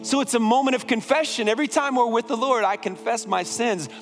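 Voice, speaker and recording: A man's voice: extremely high pitch, fairly quick, fairly bright tone, faint music behind. A male pastor preaching a sermon in a conversational way, often repeating words and restarting phrases. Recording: long hall reverb.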